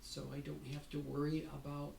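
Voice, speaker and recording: A woman's voice: sits low, monotone, moderate pace, vocal fry, warm tone. A middle-aged woman vlogger chatting about her week, gushing and restarting her sentences as she tells stories. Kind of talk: casual personal update. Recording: roomy, distant mic, faint room noise.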